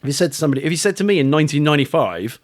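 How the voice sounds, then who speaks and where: A man's voice: fairly high pitch, lively intonation, rapid-fire. Chatty British man, casual podcast guest. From United Kingdom. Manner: chatty, swears, many restarts. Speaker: guest, author and fund manager.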